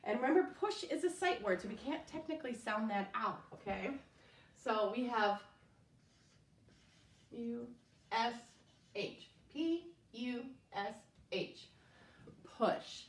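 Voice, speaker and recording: A woman's voice: a little high, animated, takes it slowly, long pauses, far from the mic, a little hiss or hum. A woman teaching a recorded spelling lesson at home, patiently sounding out words letter by letter. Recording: echoey room, voice off-mic.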